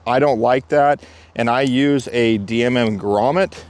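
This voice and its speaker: A man with a smooth, resonant voice talks through climbing gear in a relaxed review. He explains each detail in a chatty, step-by-step way and sits at a middling pitch for a man. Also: unhurried.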